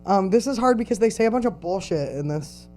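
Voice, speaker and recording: A man's voice: high-pitched, lively intonation, a little fast, darkish tone. Guy cohosting a pod, jokey and self-mocking, faint music behind. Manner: joking, self-deprecating banter. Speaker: podcast co-host. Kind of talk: casual chat.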